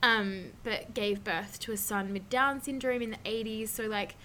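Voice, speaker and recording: A woman chats casually about a book she loves, her talk full of "like" and "um". Her voice sits at an ordinary pitch. A faint low rumble hums behind her. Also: moderate pace, sharp tone. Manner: chatty, many "like" and "um" fillers. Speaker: guest describing a book. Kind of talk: casual podcast chat.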